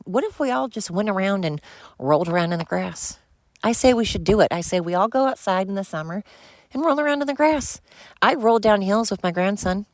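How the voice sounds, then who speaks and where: A woman's voice: medium pitch, expressive, a little fast, no room sound. A middle-aged woman hosting a podcast, talking in a rambling, candid and profane way while she walks outdoors with her dogs. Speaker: podcast host. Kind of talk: casual monologue.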